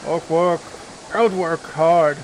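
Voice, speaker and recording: A man voicing a downtrodden male orc factory laborer who talks in loud, broken grunts. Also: on the high side, fairly even intonation, slow, a little hiss or hum, poor audio. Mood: grumbling.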